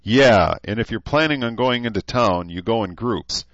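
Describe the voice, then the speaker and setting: A man's voice: medium pitch, normal speed, fairly bright tone, dry recording, pitched above the performer's own voice, natural voice. A man doing a wry easygoing young recruit leader. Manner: dry, joking. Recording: dull lo-fi dry audio.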